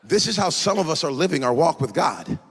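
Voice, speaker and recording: A man preaching a sermon as a pastor, telling personal stories with animated delivery and frequent repeated starts. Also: fairly high pitch, brisk, slightly rough. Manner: animated storytelling with many restarts.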